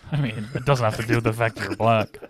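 A man's voice: lowish voice, fairly even intonation, moderate pace. A man co-hosting a podcast, joking around and swearing freely in casual banter. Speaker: podcast co-host.

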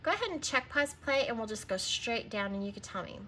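Fairly quick and animated, a woman with a slightly high, sharp-toned voice leads a recorded reading lesson for young children. She sounds out words, spells them letter by letter, and patiently prompts the kids for answers, with a little noise in the background.

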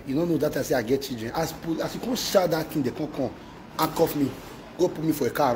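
A man's voice: fairly high pitch, animated, a little fast, background noise. A man with a Nigerian accent in an emotional rant to his wife, repeating himself and mixing in Pidgin exclamations. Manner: repetitive, mixes Pidgin with exclamations.

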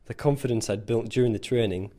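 A man's voice: mid-range voice, quick pace, mellow. A man narrating a scripted first-person story in a dry, self-mocking way. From England. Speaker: volunteer soldier.

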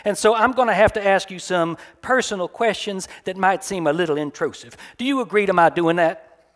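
A man's voice: high voice, brisk, lightly acted. A man reading aloud, playing a nosy, folksy middle-aged immigration officer with a drawl at a live reading.

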